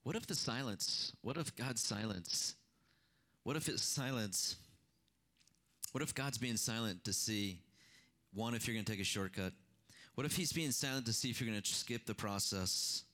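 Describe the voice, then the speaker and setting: A man preaching a sermon as pastor, with sudden rises and drops in pitch and loudness and phrases repeated for emphasis. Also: lively intonation, normal speed, long pauses.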